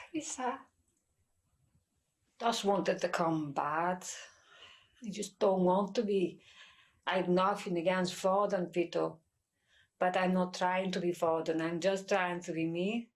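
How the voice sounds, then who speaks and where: A woman's voice: lowish voice, slow pace, long pauses. A woman from the north of England answering interview questions, her English words coming out with oddly foreign-sounding inflections.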